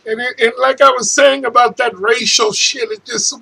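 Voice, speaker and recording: A man's voice: very high voice, steady tone, moderate pace, gravelly, hardly any pauses, bright, forceful tone, slightly rough, rough recording. A man hosting his own show, ranting angrily and profanely about politics, stumbling over restarts as he goes. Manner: angry, profane, stammering restarts. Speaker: host. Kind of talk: political rant.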